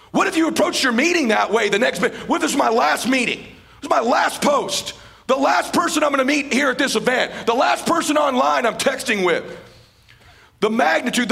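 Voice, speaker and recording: A man's voice: extremely high pitch, vocal fry, bright, forceful tone. A man giving a live motivational speech at an event, fervent and repeating phrases for emphasis. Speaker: motivational speaker.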